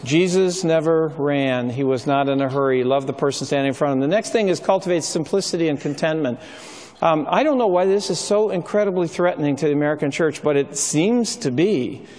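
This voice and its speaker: A man's voice: on the high side, fairly quick, darkish tone. A middle-aged man giving a sermon, telling stories in a conversational way with frequent ums and uhs. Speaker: speaker. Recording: long reverb of a large hall.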